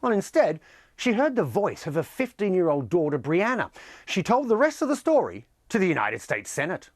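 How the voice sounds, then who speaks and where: Lively male news presenter. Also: high-pitched, normal speed, dry recording, studio quality. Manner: lively, emphatic delivery. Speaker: news show host.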